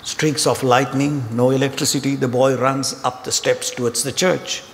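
A man preaching a sermon, telling humorous stories in an animated way. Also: mid-range voice, moderate pace. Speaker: pastor. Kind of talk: sermon storytelling. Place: church auditorium. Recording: hall reverb with faint ambient noise.

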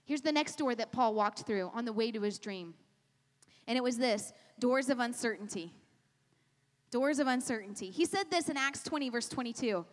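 A woman's voice: a little high, lively intonation, moderate pace. A middle-aged woman pastor preaching a sermon at a women's rally, with an impassioned, repetitive cadence. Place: large church hall. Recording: long hall reverb.

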